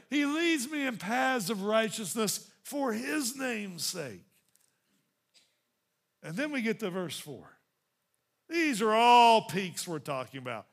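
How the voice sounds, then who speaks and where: A man preaching a sermon as pastor, building into emphatic runs and dropping into softer asides to the congregation. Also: high voice, big pitch swings, takes it slowly, creaky, long pauses.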